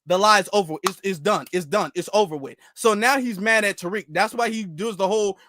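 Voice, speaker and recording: A man hosting a commentary channel, ranting in an animated, repetitive storytelling way. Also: high-pitched, a little fast, few pauses, no room sound.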